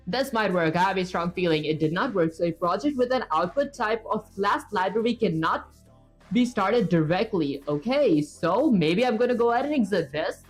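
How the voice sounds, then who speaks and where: A woman streams herself writing code and chats loosely with viewers as she works. Her voice sits in a middle pitch and she rambles, filling gaps with stock filler words. Soft music plays underneath. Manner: chatty, rambling, with filler words and self-talk. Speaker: streamer coding live. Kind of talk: casual livestream commentary while coding. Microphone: streaming setup with webcam.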